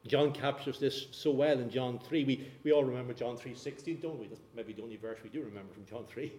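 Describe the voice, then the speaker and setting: A man's voice: medium pitch, expressive, brisk, hardly any pauses, dark tone, echoey room. A man preaching a sermon in a church, earnest and often repeating words as he searches for the phrase. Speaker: pastor.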